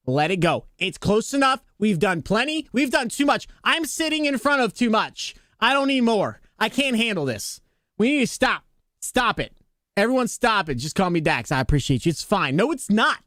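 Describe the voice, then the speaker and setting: A man streaming a game live, talking to his chat in an excitable, flustered, joking way. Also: high-pitched, no room sound, clean studio sound.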